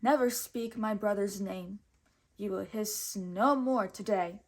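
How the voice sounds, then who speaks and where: A woman voicing a vain, wicked, hot-tempered prince in a storybook read-aloud, with loud commanding outbursts. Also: mid-range voice, slow pace.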